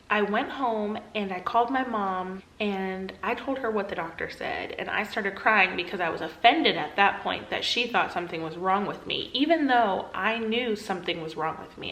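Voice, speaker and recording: Young woman, vlogger, confessional storytelling, mid pitch, echoey room. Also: a bit bright. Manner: earnest, confessional, acts out her past self in a higher pleading voice. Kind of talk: personal storytelling to camera.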